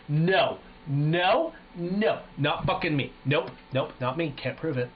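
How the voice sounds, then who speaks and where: A man's voice: fairly high pitch, slow, hardly any pauses. A man streaming and casually telling anecdotes, swearing often and acting out the people in his stories. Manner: profane, animated, acts out voices in anecdotes. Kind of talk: casual storytelling chat. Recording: tinny phone-like sound with faint noise.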